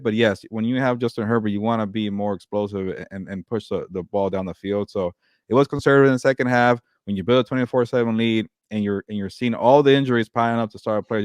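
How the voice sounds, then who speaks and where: A man co-hosting a sports podcast, giving a quick, casual analysis of a game. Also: lowish voice, a little mellow, dry recording, clean studio sound.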